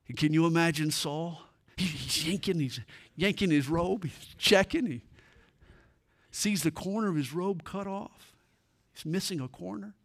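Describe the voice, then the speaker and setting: A man's voice: a little high, measured pace. A male preacher giving a sermon, retelling scripture in a dramatic, emphatic way.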